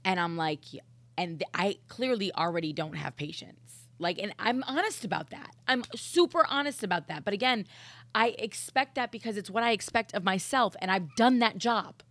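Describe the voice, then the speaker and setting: A woman's voice: medium pitch, expressive, normal speed, fairly bright tone, no room sound. A woman who co-hosts a podcast and a morning radio show, talking in an intense, blunt, profane way in a casual chat. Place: studio.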